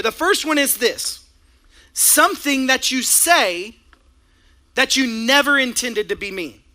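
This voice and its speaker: A male pastor preaching from a church stage, with a high, very bright voice. He tells stories with lively energy and laughs often along the way. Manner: animated storytelling with frequent laughter. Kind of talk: sermon. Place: church stage before a congregation.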